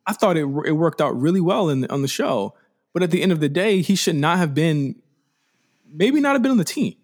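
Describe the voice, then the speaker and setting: A man co-hosting a casual wrestling podcast, talking in an animated way and repeating words as he starts sentences. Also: fairly high pitch, a little fast. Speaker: podcast co-host.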